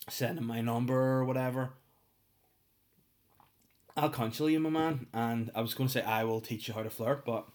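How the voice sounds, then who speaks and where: A young man, telling a crude, rambling comedic monologue on a podcast. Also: on the low side.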